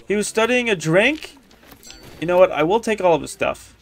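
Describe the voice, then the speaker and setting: A man with a fairly high voice streams a video game. He gives excitable running commentary and talks back to the characters on screen. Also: normal speed. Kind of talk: casual gameplay commentary.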